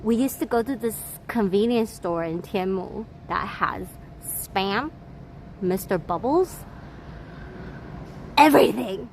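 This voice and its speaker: A Taiwanese woman in her thirties with an American accent chats casually in a hotel room, laughing between stories full of swearing. She's a vlogger whose medium-pitched voice is expressive, slow, creaky and a little mellow, and she pauses often. The recording has a noisy background.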